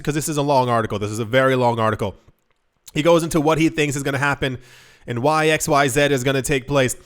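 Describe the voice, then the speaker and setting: Man, young adult, crypto news host, casual commentary, rambling, lots of "like", smooth clear voice. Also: on the high side, fairly bright tone. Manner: rambling, full of "like" and self-corrections.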